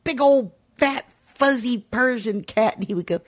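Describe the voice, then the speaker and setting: A woman's voice: a little high, moderate pace. A woman chatting casually with a friend, telling stories in a playful way. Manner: lively storyteller, playful quoting. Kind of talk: casual chat.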